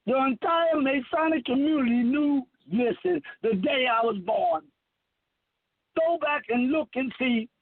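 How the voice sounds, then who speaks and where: He's in his fifties and claims to be a messiah, his extremely high voice moving at a measured pace through a rambling, preachy monologue. Emphatic and swearing heavily, he comes through a dry, tinny phone line.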